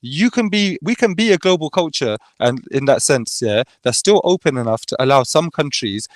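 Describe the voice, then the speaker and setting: A man's voice: a little high, expressive, normal speed, no room sound. A man in a heated casual debate, arguing his point insistently and checking for agreement with "yeah?". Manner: insistent, argumentative, keeps tagging points with "yeah?". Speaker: debater on a podcast.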